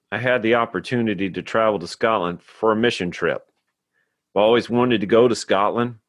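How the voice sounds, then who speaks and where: A podcast host who speaks in a low register with plain earnestness. The sound is dry and close, with no room in it. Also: male voice, no echo. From Tennessee, USA. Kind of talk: scripted intro then casual chat.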